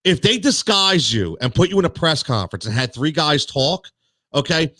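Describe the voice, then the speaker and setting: A man's voice: a little high, lively intonation, normal speed, bright, forceful tone, dry recording. A man hosting a sports talk show, ranting in a heated, worked-up way with many restarts and repeated words.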